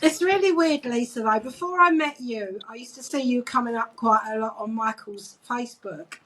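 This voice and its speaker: A woman co-hosting a podcast on a video call, quick to react and tease in a casual chat. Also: on the high side, fairly bright tone, low-quality recording. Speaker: podcast co-host.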